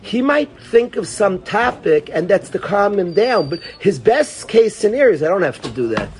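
A man's voice: sits high, sing-song, moderate pace, a little mellow, a little hiss or hum. A man teaching an informal Torah class, talking conversationally, repeating phrases and calling on students by name.

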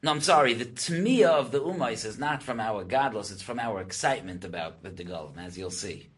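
A man's voice: lowish voice, expressive, brisk, slightly rough. A man, a rabbi, giving a Torah class. He explains Hebrew texts in English, his voice rises when he quotes them, and he thinks aloud with many restarts.

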